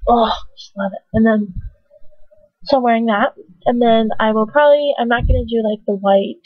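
Chatty and giggly, a young woman films a casual vlog at home on her webcam, filling her rambling with fillers and poking fun at herself. She speaks at a medium pitch, with no echo and a dry, tinny phone-like sound.

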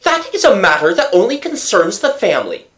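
A reader voicing an agitated young nobleman in love, answering in high-strung, urgent bursts. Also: big pitch swings, fairly quick, a bit bright. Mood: strained.

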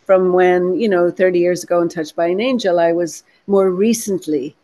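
A woman in her sixties with a soft Irish accent, chatting animatedly in an interview with frequent restarts. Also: fairly low pitch, steady tone, normal speed. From Ireland. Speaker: actress and producer. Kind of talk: interview conversation.

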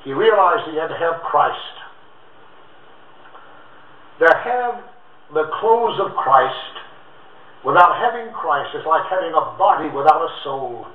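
A man's voice: on the high side, lively intonation, takes it slowly, pauses often. A man preaching a fiery revival sermon as an evangelist, with rhythmic, alliterative phrasing that swells and drops. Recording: tinny, echoey, distant old recording.

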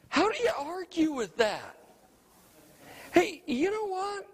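Middle-aged man, pastor's sermon, high voice, wildly swooping pitch, emphatic, unhurried. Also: wildly swooping pitch, slightly rough, in a large hall. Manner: emphatic preaching, repeats "you know what?", swings from loud highs to soft lows.

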